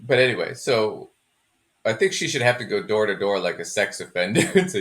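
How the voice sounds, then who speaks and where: A man's voice: fairly low pitch, sing-song, moderate pace, fairly bright tone. A man hosting a podcast in a casual, joking chat, laughing often as he talks. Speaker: podcast host.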